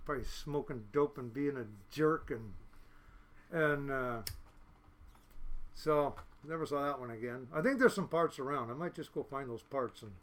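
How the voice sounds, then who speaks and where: A man's voice: mid-range voice, moderate pace. A man in his fifties from the United States, a fishing boat captain telling blunt, salty, rambling stories as a podcast guest. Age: 50s. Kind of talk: casual storytelling.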